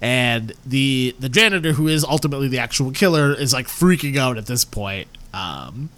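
A man co-hosting a casual podcast, recapping a TV plot haltingly, with lots of fillers and restarts. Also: mid-range voice, expressive, a bit bright. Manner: halting, loses his thread, lots of fillers.

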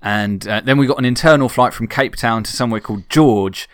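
A man co-hosting a relaxed podcast, rambling through travel anecdotes and poking fun at himself. His voice sits in the middle range and sounds dry and close, with no room around it. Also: medium pitch, a little fast, clear, resonant tone, dry recording. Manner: chatty, self-mocking storyteller. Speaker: podcast co-host. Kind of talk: casual podcast chat.

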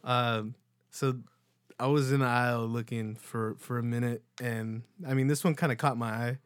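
A young man from California co-hosting a podcast in a loose, rambling way, casual swearing and lots of ums. His voice sits at an ordinary middle pitch. It is recorded close and dry, with no room sound. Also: moderate pace, dry recording. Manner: relaxed, rambling, swears casually, many fillers. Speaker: podcast co-host. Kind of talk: casual chat.

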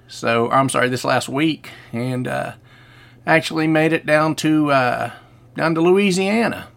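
A man's voice: medium pitch, creaky. A man hosting his own podcast, talking in a rambling, chatty monologue full of fillers and restarts. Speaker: podcast host. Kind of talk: casual monologue.

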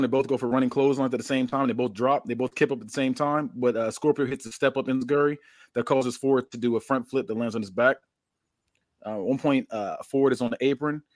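A man's voice: mid-range voice, darkish tone, no room sound. A man casually recapping action step by step with many fillers, as a podcast host. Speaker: podcast host describing his booked wrestling show.

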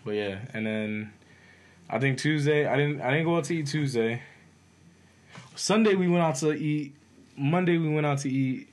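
A man's voice: fairly high pitch, moderate pace, pauses often. A man, telling stories in a casual, swearing chat. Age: 20s. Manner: laid-back storytelling, lots of swearing.

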